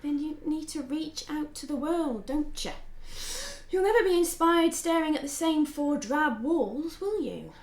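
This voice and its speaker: Actress as a teasing inner voice in a radio play, high bright voice, roomy echo. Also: female voice, lively intonation, measured pace. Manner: teasing, playful. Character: teasing young woman, voice in his head.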